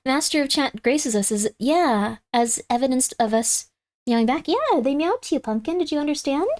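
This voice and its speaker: A woman with a high, light voice chats with her stream viewers and reads their messages aloud. Now and then she goes soft and cooing with her cat. The sound is dry and close, with no room behind it. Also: animated, normal speed, no echo. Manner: chatty, reads chat aloud, coos softly to her cat. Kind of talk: casual live-stream chat. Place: home room.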